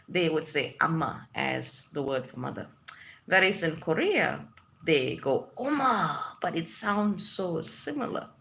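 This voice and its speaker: Woman, spiritual livestream host, casual chat, gravelly fry, lowish voice. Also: sharp tone. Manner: chatty, reads comments aloud with many fillers. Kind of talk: casual live chat reading viewer comments.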